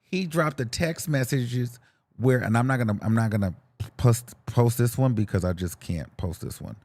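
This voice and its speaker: A man's voice: medium pitch, moderate pace. A young man hosting a podcast, giving sassy, campy celebrity gossip commentary to himself. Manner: animated, sassy, campy slang, talks to himself. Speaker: podcast host.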